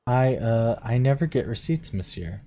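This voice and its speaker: A man's voice: medium pitch, lively intonation, normal speed, mellow, slight background noise, close to an everyday voice. A man voicing a timid young female maid servant in a game reading, speaking hesitantly. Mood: nervous. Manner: nervous, hesitant.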